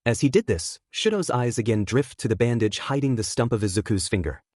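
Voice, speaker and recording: A man's voice: medium pitch, expressive, a little fast, darkish tone, no room sound. Man reading fan fiction aloud, dry sound.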